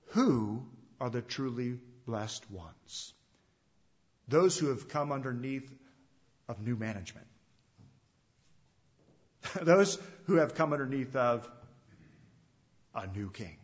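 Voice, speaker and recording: A man preaching a sermon as pastor, stressing some phrases loudly and letting others drop to a hush, repeating himself and putting direct questions to his listeners. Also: medium pitch. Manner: emphatic preaching that swings between loud stresses and hushed, drawn-out endings. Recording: dull lo-fi recording.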